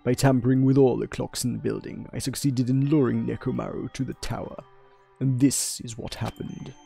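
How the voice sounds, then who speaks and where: A man's voice: mid-range voice, steady tone, normal speed, gravelly, warm tone, soft background music. A man voicing a grandiose, haughty young man in a posh put-on voice, declaiming formally while playing through a game. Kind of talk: let's play voice acting.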